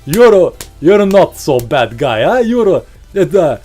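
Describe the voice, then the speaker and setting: A man voicing a burly Russian tough guy who needles and taunts in a drawn-out, mocking way. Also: a little high, very animated, mellow, faint music behind. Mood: taunting.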